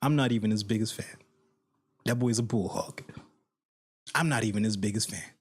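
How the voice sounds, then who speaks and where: Talking at a moderate pace in a fairly low, slightly rough voice, a sports reaction host vents angrily to his viewers. The solo rant is full of profanity and repetition for emphasis.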